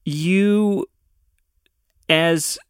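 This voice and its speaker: A young man of Mexican descent ranting casually on his own, profane and often laughing, with loud bursts of emphasis. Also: a little high, steady tone, drawn-out words, smooth, no room sound, studio quality. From of Mexican descent, USA. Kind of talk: casual solo rant.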